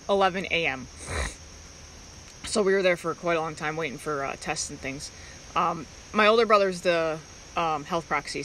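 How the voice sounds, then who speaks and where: A woman chatting casually on a live stream, talking in halting, rambling stretches and breaking off to greet viewers by name. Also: lowish voice, fairly bright tone, slight background noise, low-quality recording.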